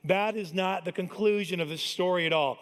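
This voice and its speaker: A man in his thirties gives a Christmas sermon in a light, high voice. He talks in a loose, conversational way and tells stories about his family. His voice rings out with a long reverb through a large church hall. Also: fairly quick. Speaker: pastor.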